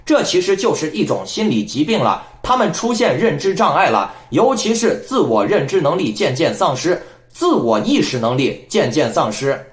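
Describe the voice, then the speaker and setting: A man's voice: a little high, sing-song, normal speed, hardly any pauses, roomy sound. A man hosting a political commentary channel, talking in an emphatic, lecturing way.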